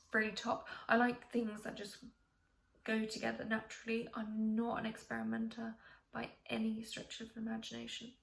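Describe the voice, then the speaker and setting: A woman chatting with a gravelly edge. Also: on the high side, fairly bright tone. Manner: chatty and rambling, many ums and restarts. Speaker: vlogger. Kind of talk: casual chat to camera. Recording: echoey room, faint hiss.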